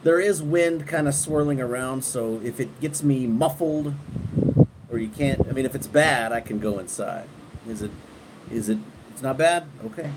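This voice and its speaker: A middle-aged man hosting a casual live stream at night, talking to viewers in a relaxed, rambling way and often restarting his sentences. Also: mid-range voice, moderate pace. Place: outdoors at night, windy, on a porch. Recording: wind noise on the mic outdoors.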